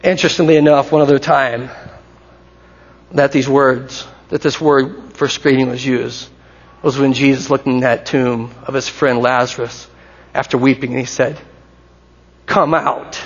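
A man preaching a sermon in a lively, conversational way, to his congregation in a church. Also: mid-range voice, normal speed, husky. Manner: animated, conversational, acts out crowd shouts. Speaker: pastor. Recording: dull recording with long hall reverb.

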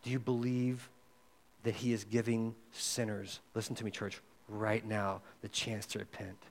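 A man preaching a sermon as pastor, talking straight to his listeners and swinging between loud and hushed. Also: fairly low pitch, flat delivery, moderate pace, vocal fry. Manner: conversational, addresses listeners directly.

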